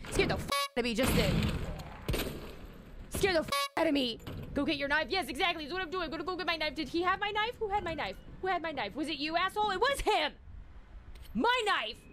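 A woman's voice: high-pitched, background noise. A woman streamer, giving jumpy live commentary on a horror game, shrieking in fright and chatting with her viewers.

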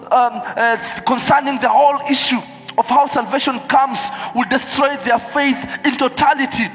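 A man preaches to a congregation, animated and quick to act out the people he quotes. His voice sits very high for a man. It carries through a reverberant church hall over soft background music. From Kenya. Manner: animated, switches into Swahili, acts out quoted voices. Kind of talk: sermon.

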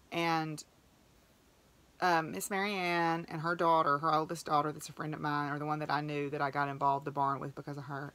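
A woman's voice: low-pitched, sharp tone. A woman hosting a podcast, telling a story in a chatty, emotional way and acting out what people said. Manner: chatty, emotional, acts out quoted dialogue. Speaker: podcast host. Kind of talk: casual storytelling monologue.

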